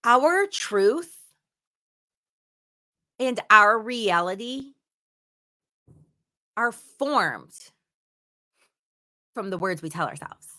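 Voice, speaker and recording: A woman's voice: mid-range voice, expressive, drawn-out words, pauses often, sharp tone. A woman giving a motivational teaching talk, speaking emphatically and repeating words for stress. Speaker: instructor.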